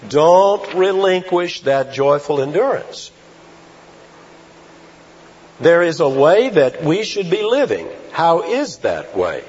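Male pastor, emphatic sermon delivery, pitch swinging widely, muffled lo-fi sound. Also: husky. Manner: emphatic preaching with rhetorical questions and slow stressed phrases. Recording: dull lo-fi sound.

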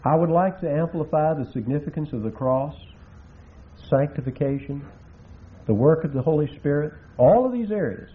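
A man preaching an expository Bible sermon, slowing down to stress and spell out Greek words. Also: on the high side. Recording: tinny phone-like recording with faint hiss.

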